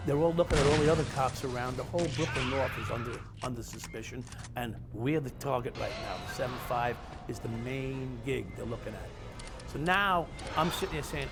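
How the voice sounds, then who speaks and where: A man's voice: medium pitch, a little fast. A middle-aged man, a former police officer telling his own story in a blunt, profane, confessional way. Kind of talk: candid storytelling. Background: music playing.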